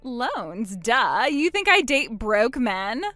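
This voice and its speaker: A woman's voice: a little high, big pitch swings, slow pace, bright, forceful tone, dry recording, faint music behind, full character voice. A woman voicing a boastful, spiteful young woman who mocks her sister in a text-story drama. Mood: gloating. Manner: smug, mocking, gloating.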